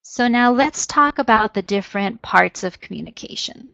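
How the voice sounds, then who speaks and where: A woman's voice: fairly high pitch, moderate pace, creaky, no echo. Woman presenting an educational webinar. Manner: explanatory, steady, frequent "so" as a lead-in. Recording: dull, dry webinar audio.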